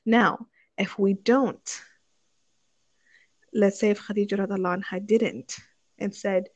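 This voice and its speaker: A woman's voice: mid-range voice, fairly even intonation, unhurried, no room sound, highs cut off. Chatty young woman, dry sound. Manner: chatty, thinking aloud with many fillers and restarts. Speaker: speaker sharing advice on marriage. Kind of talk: casual chat.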